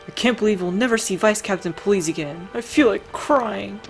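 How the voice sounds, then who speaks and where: A woman's voice: mid-range voice, normal speed, soft background music. A woman hosting a video game playthrough, chatting casually and reading the characters' lines aloud with frequent laughter. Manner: reads game dialogue aloud, laughs easily. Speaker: let's play host. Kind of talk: casual gameplay chat.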